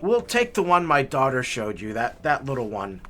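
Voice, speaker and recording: A man's voice: mid-range voice, very animated, normal speed, pushed and bright, faint music behind. A man voicing a flustered, apologetic father who stammers and pleads. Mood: pleading.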